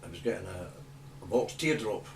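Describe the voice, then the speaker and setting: A man's voice: fairly low pitch, a little fast, creaky, a little hiss or hum. A Scottish man in his sixties, a guitar builder telling rambling stories with many restarts in a casual interview. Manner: rambling, animated anecdotes with frequent restarts. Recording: roomy, distant mic, faint ambience.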